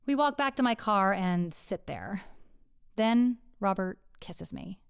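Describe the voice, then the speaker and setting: A middle-aged woman recounts her own story with wry, profane candor. Her voice sits a little high and comes across smooth and resonant. The recording is dry and close, with no room sound. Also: big pitch swings, a little slow, no echo. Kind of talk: confessional personal storytelling.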